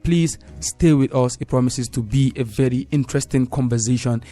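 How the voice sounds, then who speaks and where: A man's voice: mid-range voice, normal speed, dark tone, soft background music. A man hosting a radio talk program, making earnest public-service appeals and repeating key points. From Nigeria.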